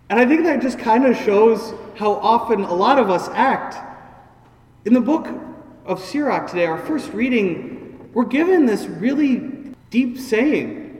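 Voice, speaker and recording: A man's voice: high voice, lively intonation, a little slow, darkish tone, slight background noise. A man giving a conversational homily with stories and jokes. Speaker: priest. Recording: echoey church heard from far off.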